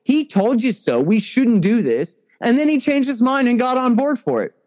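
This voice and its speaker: A man giving conversational political commentary as an interview guest, emphatic and restarting often, his pitch climbing sharply when he gets indignant. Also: animated, moderate pace, darkish tone.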